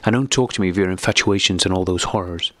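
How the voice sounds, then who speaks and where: A man's voice: low-pitched, fast talker, no room sound. Bitter wronged wife, read by a man. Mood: anguished. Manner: sharp, accusing outbursts. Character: distraught wife, bitter and furious. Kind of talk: audiobook character reading.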